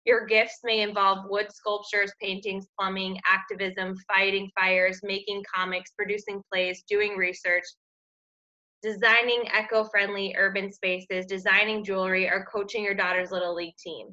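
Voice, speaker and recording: A woman's voice: mid-range voice, flat delivery, moderate pace, bright, forceful tone. A woman coaching her team with an earnest, upbeat motivational talk about gifts and purpose. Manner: earnest, upbeat, faith-based encouragement. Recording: dull lo-fi audio.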